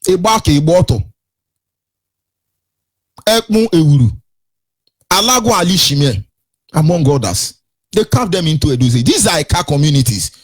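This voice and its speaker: A man's voice: on the high side, very animated, moderate pace, pauses often, slightly rough. A man with a Nigerian accent hosting a radio show, giving indignant commentary with repeated rhetorical questions and a sing-song lilt. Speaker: radio host.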